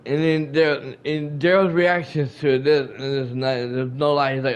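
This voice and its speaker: A man's voice: on the high side, fairly even intonation, moderate pace, few pauses, clear, resonant tone. A man hosting a gaming channel, casually recapping a game. He rambles, repeats himself, talks straight to his viewers and retells scenes with quoted dialogue. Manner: colloquial and chatty, addressing viewers directly.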